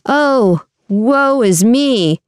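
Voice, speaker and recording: A woman's voice: mid-range voice, unhurried, a little mellow, clean tone, no room sound, studio quality, lightly acted. A woman reading a storybook and voicing a scheming, pompous middle-aged nobleman who puts on fake, wailing grief and gloats. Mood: mock wailing.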